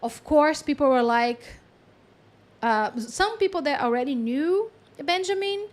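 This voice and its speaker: Chatty woman with a high voice, storytelling, laughs a lot, lots of um and like. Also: a little slow. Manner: animated, chatty, laughs often, many fillers. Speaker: channeler. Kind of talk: casual storytelling.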